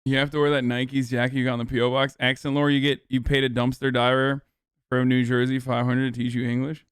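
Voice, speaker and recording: Rambling, clear-voiced male streamer. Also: mid-range voice, flat delivery, fast talker, dry recording. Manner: loose, rambling, swears freely. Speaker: livestream host. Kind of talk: casual chat with chat viewers.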